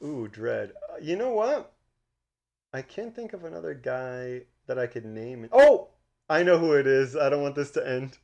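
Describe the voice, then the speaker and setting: A man co-hosting a casual podcast, running a movie trivia game with lively banter and frequent laughter. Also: medium pitch, moderate pace, gravelly, highs cut off. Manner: animated, laughs often, calls his co-host "Twin". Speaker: podcast co-host.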